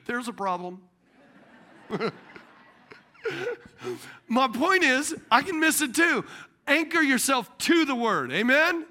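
A man preaching a sermon as a pastor, telling stories in an animated way. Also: very high voice, takes it slowly, long pauses.

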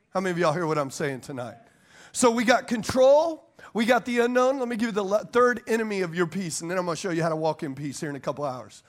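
A male pastor preaching a sermon to a congregation, telling animated, joking stories and laughing often. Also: high-pitched. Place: church service before a congregation.

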